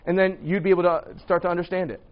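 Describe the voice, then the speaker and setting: A man with a high voice leads a Bible class and talks to his students in a loose, conversational way. He keeps quizzing them and checking in with "right?". The recording sounds dull and lo-fi. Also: fairly even intonation, very fast. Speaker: Bible teacher.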